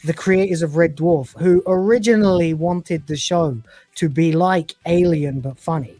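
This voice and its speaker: A woman's voice: fairly low pitch, normal speed, dark tone, no room sound, faint music behind. A woman co-hosting a casual livestream review, retelling scenes and acting out the characters' lines with put-on voices. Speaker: podcast co-host reviewing episodes.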